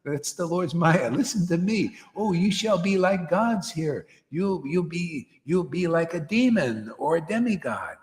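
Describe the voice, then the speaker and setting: A smug serpent whispers temptations, put on by a man in the middle of his talk. The voice sits high and lilting and wheedles with drawn-out coaxing. It echoes around a large hall with a long tail of reverb. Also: lively intonation.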